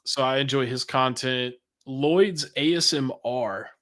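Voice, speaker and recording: A man's voice: mid-range voice, a little slow, fairly bright tone. A man who is a podcast guest, talking in a laid-back, chatty way with casual swearing. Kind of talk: casual interview chat.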